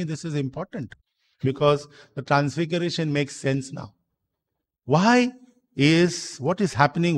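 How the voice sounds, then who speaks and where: A man preaching a sermon in a church, explaining slowly, repeating himself and asking rhetorical questions. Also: fairly high pitch. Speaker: priest.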